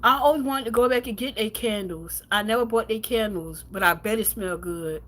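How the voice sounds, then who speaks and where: A woman's voice: on the high side, normal speed, a bit bright. A woman livestreaming from home, telling a painful personal story in a blunt, profane way with lots of repetition, then reading out viewer comments.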